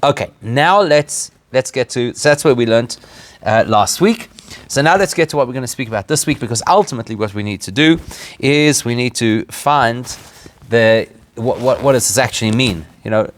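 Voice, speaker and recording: Lively man teaching a class. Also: medium pitch, moderate pace. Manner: lively, asks rhetorical questions, laughs at own points. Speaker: rabbi teaching a weekly class. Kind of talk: informal spoken lesson with jokes and questions.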